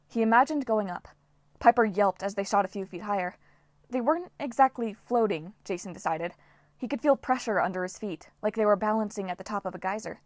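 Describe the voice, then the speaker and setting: A woman narrating a novel as an audiobook reader, with a lively, dramatic delivery. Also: mid-range voice, a little fast, no room sound, clean studio sound. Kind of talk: scripted narration.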